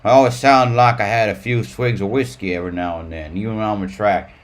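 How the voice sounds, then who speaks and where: A man doing an impression of a gruff veteran stock car driver, speaking in a slow drawl. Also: on the low side, steady tone, natural voice. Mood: boastful.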